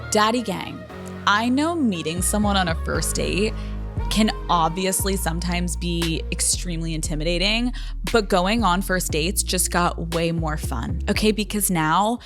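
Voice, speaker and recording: A woman reading a podcast ad in an upbeat, chatty sales pitch. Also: measured pace. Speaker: podcast ad reader. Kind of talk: host-read ad. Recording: ad read over music.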